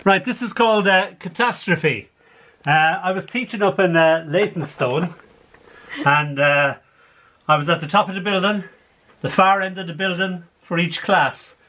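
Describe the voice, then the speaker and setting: A man reading his poems aloud to a small group over a video call, in an animated way with frequent laughs. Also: sits high, measured pace. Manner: animated, laughs between lines. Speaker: poet. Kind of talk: poetry reading.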